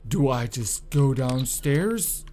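A man's voice: medium pitch, lively intonation, slow, a little mellow, a little hiss or hum. Jumpy young man playing a horror game. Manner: jumpy, nervous, swears and jokes. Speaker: gaming YouTuber.

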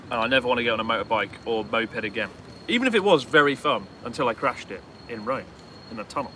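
A British man talks in a bright, sharp tone, trading dry, teasing banter in casual chat. He is outdoors on a city street at night, and faint street noise sits behind him. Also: medium pitch, fast. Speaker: guest.

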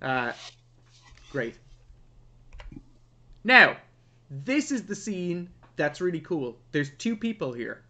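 Bright animated man, podcast host. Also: a little high, slow pace, long pauses. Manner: animated, acts out lines in mock voices, sweary banter. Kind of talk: casual film review chat.

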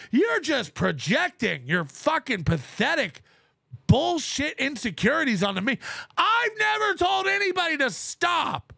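A man's voice: extremely high pitch, very animated, measured pace, gravelly, pushed and bright, no room sound, clean studio sound. A man hosting a livestream, ranting and mocking his critics with lots of swearing and laughter. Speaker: livestream show host.

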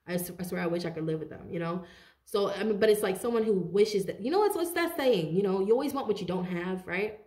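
A woman gives a casual tarot reading, chatting straight to her viewers in a loose, animated way and laughing often. Her voice sits at an ordinary middle pitch. The room around her is echoey. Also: fast talker. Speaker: tarot reader.

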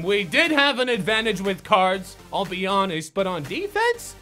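A young man doing live commentary on a basketball video game, muttering to himself one moment and shouting curses the next. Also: high-pitched, very animated, measured pace, hardly any pauses, soft background music. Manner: swings from muttered self-coaching to shouted profane outbursts. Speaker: gaming YouTuber.

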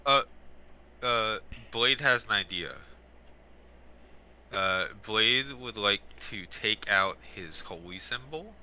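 A man's voice: fairly low pitch, slow, pauses often, pushed and bright, dull audio. A young man playing a tabletop game, hesitant, speaking about his character in third person. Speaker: player. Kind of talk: casual tabletop game chat.

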